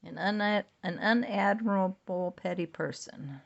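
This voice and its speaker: A woman's voice: mid-range voice, measured pace, vocal fry, dull audio. A woman hosting a podcast, reading entries aloud from a book and adding casual side remarks of her own. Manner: reads entries, then adds chatty side remarks.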